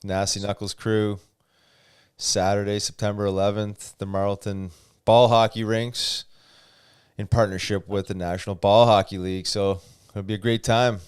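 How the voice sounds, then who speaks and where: Low smooth-voiced man, podcast co-host. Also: moderate pace, no echo, clean studio sound. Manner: relaxed, upbeat plugging events. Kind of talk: casual chat.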